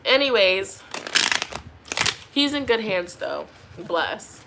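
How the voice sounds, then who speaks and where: A woman's voice: medium pitch, big pitch swings, slow, gravelly, background noise. A pregnant young woman doing a tarot reading, chatting casually with viewers and laughing often. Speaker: tarot reader.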